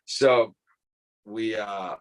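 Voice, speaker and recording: A man from California with a lowish, steady voice talks very slowly in a casual live-stream chat, heard on a low-quality recording. He rambles in a laid-back way, working "dude" and "like" into most of his sentences.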